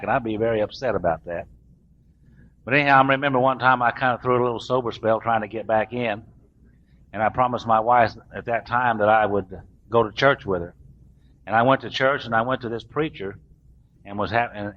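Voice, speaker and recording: Folksy man telling his story. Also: lowish voice. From US South. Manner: folksy, self-mocking, drawling humor. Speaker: recovering alcoholic speaker. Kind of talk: storytelling talk to a recovery meeting. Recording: dull lo-fi recording, faint room hiss.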